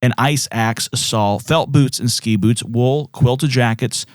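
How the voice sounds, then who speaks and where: A man's voice: medium pitch, measured pace, dry recording, studio quality. A man co-hosting a podcast, reacting with jokes and reading trip details casually. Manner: jokey reactions, mock voices. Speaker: podcast co-host. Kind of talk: casual chat.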